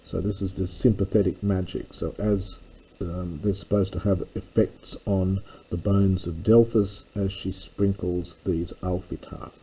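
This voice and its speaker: A man reads through an old text and explains it line by line, in a slow, unhurried way. His voice is low and dark. He has a slightly husky edge and often stops mid-thought to correct himself. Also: level tone, rough recording. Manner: measured, self-correcting, thinking aloud. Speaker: classics lecturer.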